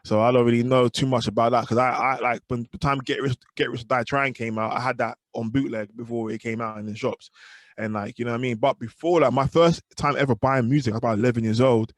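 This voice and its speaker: A young man talks fast and loose, piling up "you know what I mean" as he answers interview questions. The sound is dry and close, with no room around it. His pitch sits in the middle, neither low nor high. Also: steady tone, no echo. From United Kingdom. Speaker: rapper guest. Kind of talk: casual interview chat.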